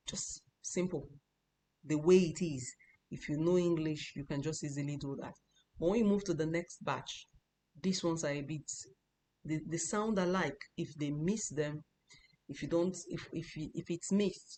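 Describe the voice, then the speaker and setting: A woman teaching an online pronunciation lesson, repeating each sound several times, breathy on hushing sounds, talking in a halting way with many restarts. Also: low-pitched, a little hiss or hum. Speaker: online Chinese language teacher.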